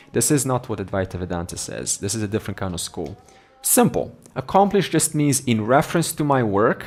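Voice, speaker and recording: A man teaching a spiritual talk in a conversational way, slowing down to repeat key words and acting out inner dialogue in a quiet voice. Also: medium pitch. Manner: repeats words slowly for emphasis.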